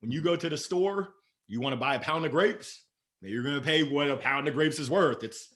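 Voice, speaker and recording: A man talking as a guest in a casual interview, lively and playful, laughing often. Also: on the high side, normal speed. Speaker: sales leader guest.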